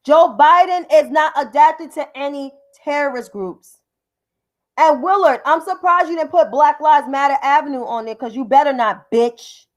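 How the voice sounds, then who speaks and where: A woman's voice: sits high, normal speed. A woman hosting a livestream of political commentary, combative and profane, repeating names for emphasis.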